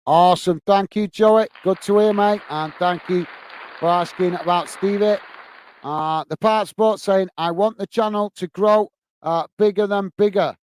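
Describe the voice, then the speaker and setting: A man hosting a casual live stream, reading out viewers' chat messages and thanking each by name, calling everyone mate and filling pauses with uhs. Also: sits high, steady tone, darkish tone, slight background noise. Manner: friendly, calls everyone mate, many filler uhs.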